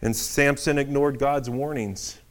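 Conversational preacher man, mid pitch. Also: measured pace. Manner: conversational, animated storytelling with asides. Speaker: pastor. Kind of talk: sermon.

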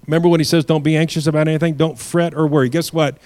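A man preaching a sermon in earnest, with loud emphatic lines that drop to quiet, low endings and words repeated when he restarts. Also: level tone, racing. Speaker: pastor.

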